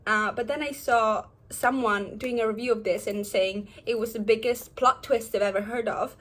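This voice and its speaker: A woman's voice: a little high, normal speed. Bubbly young woman vlogging about books. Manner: bubbly, chatty, animated. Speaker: book vlogger. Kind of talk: casual reading vlog. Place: home, indoors.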